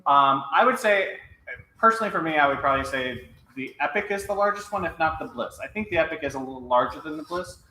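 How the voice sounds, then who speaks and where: A man's voice: fairly high pitch, expressive, fast talker, bright, forceful tone. A man co-hosting a casual live stream, talking hesitantly and stopping often to search for words. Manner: hesitant, with fillers. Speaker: vlog co-host. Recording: echoey room, faint noise.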